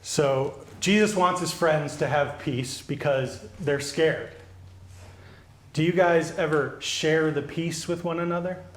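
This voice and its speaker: A male pastor giving a children's sermon, gently asking the children questions and answering them. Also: a little high, slow pace. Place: church sanctuary. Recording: echoey church.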